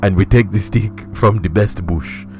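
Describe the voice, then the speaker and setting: A man putting on a mock foreign accent to play a stern man who lectures solemnly in slow, formal, over-enunciated speech. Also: fairly low pitch, over music.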